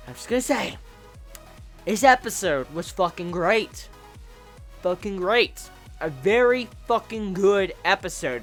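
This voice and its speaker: A woman giving a casual anime review, excitable and profane, ranting in bursts. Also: medium pitch.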